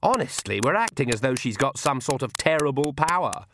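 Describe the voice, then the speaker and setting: A man's voice: medium pitch, very animated, a little fast, noisy background, pitched above the performer's own voice. A man voicing a sneering, haughty young female vampire in a snide, scornful tone.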